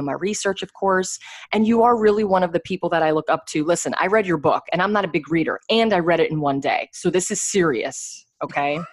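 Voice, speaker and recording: A woman hosting a podcast, praising her guest at length before asking about his start. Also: low voice. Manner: effusive, rambling, full of praise. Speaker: podcast host. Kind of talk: interviewing a guest.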